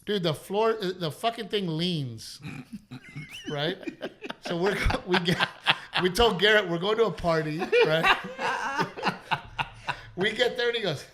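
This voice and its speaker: A middle-aged man from Texas, hosting a podcast and telling stories in an animated way, laughing often and swearing. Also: high voice, a little slow, long pauses, slight background noise. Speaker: podcast host. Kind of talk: casual chat.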